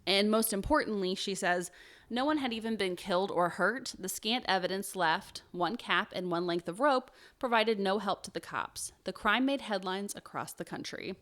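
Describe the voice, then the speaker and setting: A woman's voice: medium pitch, normal speed, a bit bright. A woman co-hosting a casual true crime podcast, chatty and jokey, with lots of "um" and "like" as she reads quotes and figures from her notes. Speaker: podcast co-host telling a true crime story.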